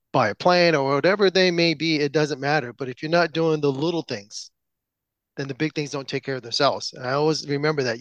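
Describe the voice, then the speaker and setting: A male podcast host with a somewhat high voice talks in a folksy, emphatic way, stacking example on example. The sound is dry and close, with no room around it. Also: no echo. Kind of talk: conversational interview commentary.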